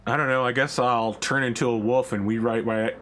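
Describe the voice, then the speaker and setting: A man's voice: medium pitch, steady tone, fairly quick, a bit bright, slight background noise, natural voice. A man voicing a laid-back, unbothered young male fantasy hero who talks in nonchalant, casual bro-speak.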